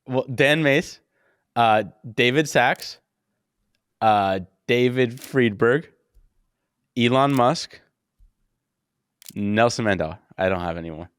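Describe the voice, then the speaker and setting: A man's voice: medium pitch, slow pace, long pauses, a bit bright, smooth, no room sound, clean studio sound. A young man co-hosting a podcast in casual chat, rambling and joking with playful analogies. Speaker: podcast co-host.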